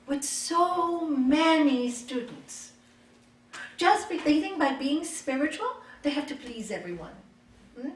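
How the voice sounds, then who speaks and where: A middle-aged woman yoga teacher giving a spiritual talk, telling personal stories in an expressive, conversational way. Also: high voice, slight background noise. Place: retreat meeting hall. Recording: echoey room, mic far off.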